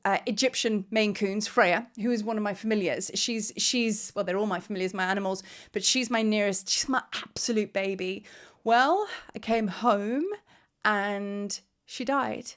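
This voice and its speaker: A woman with a medium-pitched, fairly bright voice talks casually to her camera at home in Cape Town. She's a spiritual teacher, and her vlog-style talk is rambling and heartfelt as she tries not to cry.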